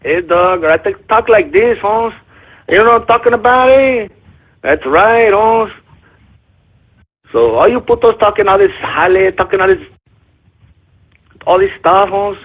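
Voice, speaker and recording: A man's voice: high-pitched, little pitch movement, a little fast, hardly any pauses, slightly rough. Dude putting on a cocky street guy voice, slangy and taunting, phone-line tinny. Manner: slangy, challenging. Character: swaggering streetwise guy calling everyone Holmes.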